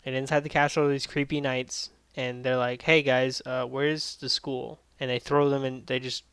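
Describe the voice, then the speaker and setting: A man's voice: mid-range voice, little pitch movement, normal speed, a bit bright, clear, resonant tone, no room sound. A man casually recapping and reviewing an anime episode, rambling with lots of fillers and swearing freely.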